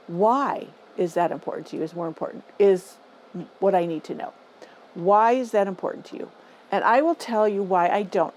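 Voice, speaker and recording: Older woman, mid-pitched voice, relaxed and opinionated gardening host speaking to camera, faint rain in the background. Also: slight background noise, rough recording. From Northern California. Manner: chatty, opinionated, repeats herself for emphasis. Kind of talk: casual talking-to-camera vlog. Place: greenhouse on a rainy day. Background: faint dripping rain ambience.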